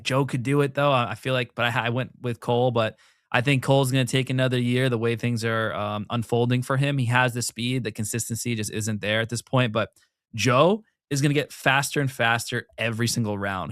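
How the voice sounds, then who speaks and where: Man, casual co-host, curious and questioning, middle pitch, dry close sound. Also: fairly bright tone, no echo. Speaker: show co-host. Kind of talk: casual motocross chat.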